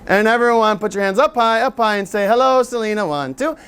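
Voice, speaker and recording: A middle-aged man with a high-pitched voice leads a live workshop, cracking jokes and coaxing the audience to join in. A faint hiss of background noise sits under his talk. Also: very animated, moderate pace, a bit bright. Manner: chatty, joking, audience-engaging. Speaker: author and teacher giving a seminar. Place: lecture room with an audience.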